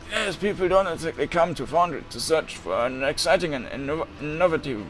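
A man voicing a friendly, chubby bearded shopkeeper in a video game, with a raspy voice that turns thin and breathy when it rises, coughing between lines. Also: a little high, expressive, normal speed, a bit bright, faint music behind.

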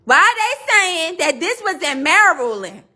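Brash high-voiced woman ranting on a livestream. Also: big pitch swings, unhurried, sharp tone. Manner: brash, profane, addresses viewers as y'all. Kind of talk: casual livestream rant.

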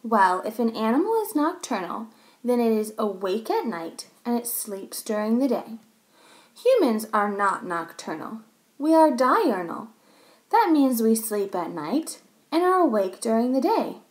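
A woman's voice: on the high side, big pitch swings, a little slow. A woman voicing a smart, eager young schoolboy in a children's story read aloud. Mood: earnest.

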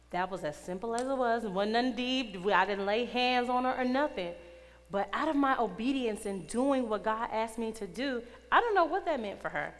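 A woman's voice: on the high side, lively intonation, normal speed. A woman in her thirties preaching to teenagers, telling a personal story in casual slang and building to an urgent exhortation. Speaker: youth minister. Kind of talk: sermon to teens. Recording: long hall reverb.

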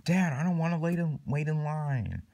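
A man's voice: a little high, animated, normal speed, warm tone, voice pushed up. A man voicing Chicky, a whiny and impatient little chick child who pleads with his dad.

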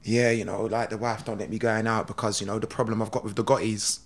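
A man doing a low, drawling action-star voice. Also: little pitch movement, fast. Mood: matter-of-fact. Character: impression of a famous action star, older man, low-key, laid-back.

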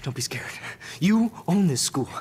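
A man's voice: fairly high pitch, big pitch swings, moderate pace, a little mellow, husky, full character voice. An actor playing a panicky rich young man, tense and talking to himself, in a video game. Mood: jittery bravado.

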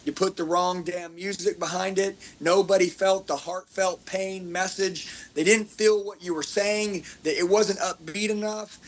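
A fired-up man with a husky, fairly high voice runs a motivational seminar. He talks intensely and preaches, often repeating his points and checking that the crowd is following him. His delivery sounds driven and insistent. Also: fairly bright tone, low-quality recording. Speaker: speaker teaching content creation. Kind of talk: energetic motivational seminar talk.

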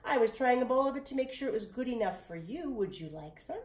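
A fretful little old woman with a high, hushed, anxious voice, as a woman reading a storybook puts her on. She draws out her words, and the voice rings around an echoey room. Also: lively intonation, fast, lightly acted.

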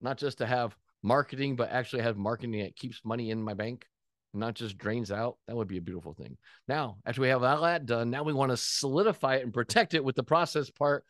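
A man in the role of a restaurant business coach gives a motivational talk in a voice of middle pitch. He tells stories with energy, acts out both sides of old conversations, and throws in joking asides. The sound is dry and close, with no room echo. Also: brisk, a bit bright.

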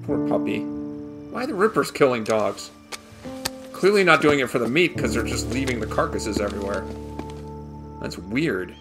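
A man narrates his own gameplay in a relaxed, wry way, tossing off chatty remarks at a middle pitch. Game music plays under his voice. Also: normal speed, long pauses. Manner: wry, chatty asides to himself. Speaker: gaming channel host. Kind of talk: casual let's-play commentary.

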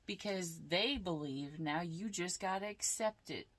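Blunt, low-voiced woman tarot reader. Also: measured pace, breathy edge. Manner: blunt, animated, swears freely. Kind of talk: casual tarot reading.

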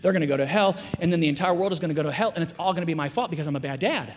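A man giving a candid, self-mocking, animated storytelling talk at a school chapel. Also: a little high, racing, a little hiss or hum. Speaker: chapel speaker. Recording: long reverb of a large chapel.

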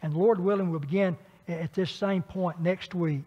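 A man teaching a Bible class in a church, talking conversationally with frequent filler pauses and questions for the class. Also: sits high, fairly even intonation. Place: church meeting room. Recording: dull, echoey church room recording.

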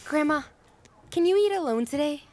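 A woman's voice: high-pitched, animated, moderate pace, a little mellow. A woman dubbing a dreamy young village girl. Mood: eager. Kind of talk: English dubbed film dialogue.

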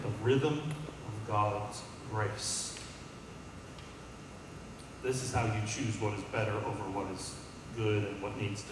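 A man's voice: fairly low pitch, far from the mic, background noise. Echoey preaching man in a big hall. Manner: call-and-response, rising to emphatic peaks. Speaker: pastor. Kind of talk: sermon.

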